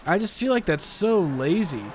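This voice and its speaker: A young American man with a high-pitched, animated voice speaks at normal speed against background noise. Hosting a gaming podcast, he rambles chattily while playing a game and laughs often.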